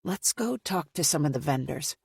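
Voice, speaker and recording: A woman voicing a composed female FBI special agent who speaks in a brisk, matter-of-fact way. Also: low voice, lively intonation, gravelly, a little mellow, slightly rough, dry recording, studio quality, full character voice. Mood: businesslike.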